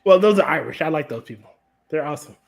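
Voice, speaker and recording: A man's voice: fairly high pitch, animated, fast, gravelly. An American man in his thirties in casual podcast chat, blunt and irreverent, often stammering as he restarts. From United States.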